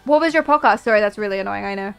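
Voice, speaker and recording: A young woman streamer chatting casually and excitedly to her viewers, gushing and answering chat. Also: medium pitch, very fast, creaky, clean tone, soft background music.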